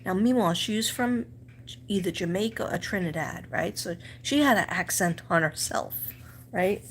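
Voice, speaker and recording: With a mid-range voice, lively intonation and a moderate pace, this middle-aged live-stream host and teacher chats casually in a heavy Staten Island accent. Her stories wander through fillers and asides, over a little hiss or hum.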